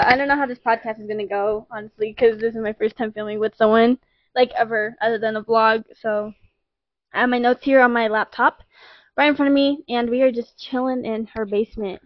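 A woman's voice: fairly high pitch, steady tone, fairly quick, dry recording. A woman in her twenties hosting a casual podcast from a home basement, giggly and chatty with lots of "um" and "like". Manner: chatty, giggly, many fillers like "um" and "like". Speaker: podcast host. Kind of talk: casual chat. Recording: dull, lo-fi, dry sound.

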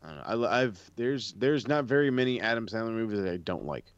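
A man co-hosting a casual podcast chat, excitable, swearing a lot and laughing often. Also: lowish voice, fast, a crowd in the background. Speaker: podcast co-host. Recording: dull lo-fi mic, dry.

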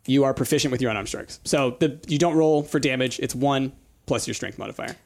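A man running a tabletop game as game master, reading rules aloud in a casual, halting way. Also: medium pitch, gravelly, darkish tone. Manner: casual, halting, many fillers.

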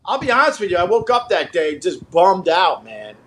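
A man hosting a casual podcast chat, joking with his guest and reading an ad slowly and deliberately. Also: high-pitched, very animated, fairly bright tone. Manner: slow, drawn-out ad read, joking. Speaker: podcast host.

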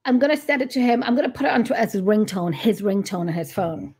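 A woman with an Irish accent hosting a casual chat, telling stories in an animated way on a video call. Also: medium pitch, quick pace, breathy edge. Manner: chatty storyteller, animated retelling. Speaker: host.

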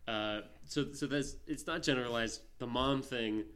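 Man, podcast co-host, casual film chat, rambling, lots of fillers, mid-pitched voice. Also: moderate pace, a bit bright, clear, resonant tone. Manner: rambling, full of "like" and restarts.

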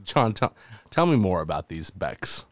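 A young man co-hosting a casual podcast, full of teasing jokes and quick asides. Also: low voice, big pitch swings, dry recording, clean studio sound. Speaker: podcast co-host.

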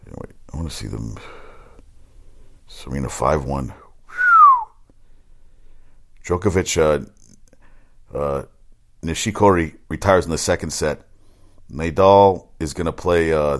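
A man who works as a personal trainer, talking casually about sports in a rambling, excitable way with frequent swearing. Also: deep voice. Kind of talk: casual sports chat monologue.

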